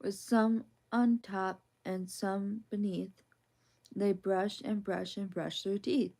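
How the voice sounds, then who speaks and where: A woman with a mellow, warm voice reads children's picture books aloud for a soft ASMR bedtime session. Her delivery is gentle and sing-song. Her pitch sits in the middle range. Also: steady tone, slow, vocal fry.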